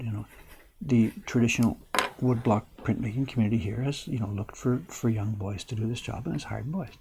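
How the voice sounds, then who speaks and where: Older man, easygoing live-stream chat while working, mid pitch, faint hiss. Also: vocal fry. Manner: chatty, thinks aloud, drops to a hush while carving. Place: print workshop.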